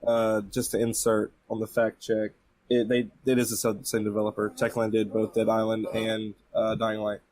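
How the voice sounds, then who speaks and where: A man with a fairly low voice talks easily as a podcast co-host. He recaps events at length and leans on fillers like "like" and "um". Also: moderate pace. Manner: relaxed storyteller, recaps with many fillers. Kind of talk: casual chat.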